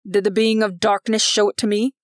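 A woman's voice: mid-range voice, level tone, fairly quick, no room sound, clean studio sound, close to an everyday voice. A woman doing a grave old vice principal. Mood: portentous. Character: stern older male vice principal, solemn and self-important.

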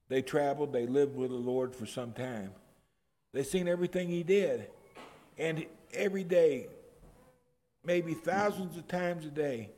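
A man's voice: medium pitch, mellow. A man preaching a sermon, retelling the story and building to emphatic outbursts. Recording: long reverb of a large hall.

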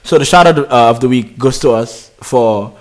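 A man's voice: mid-range voice, normal speed. A man co-hosting a podcast in casual chat, with a playful, bantering delivery. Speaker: podcast co-host.

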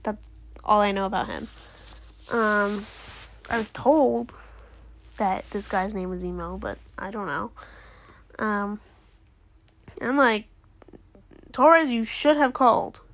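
A young woman recapping a TV episode in casual chat, animated and indignant, slipping into quick impressions of the characters. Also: mid-range voice. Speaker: show reviewer.

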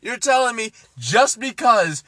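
A man's voice: very high-pitched, sing-song, measured pace, bright, forceful tone, slight background noise. A man casually recapping a film, ranting and swearing, exasperated. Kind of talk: casual movie recap chat.

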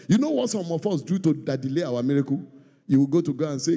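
A man preaching a sermon in a church hall, animated, swinging between shouts and quiet asides. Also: a little high, quick pace, slightly rough. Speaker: pastor. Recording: long reverb of a large hall.

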